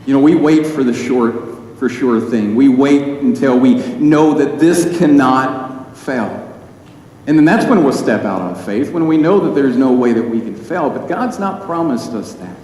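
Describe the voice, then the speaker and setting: A man preaching a sermon in earnest tones with dramatic pauses. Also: mid-range voice, expressive, darkish tone. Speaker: pastor. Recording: echoey hall with faint noise.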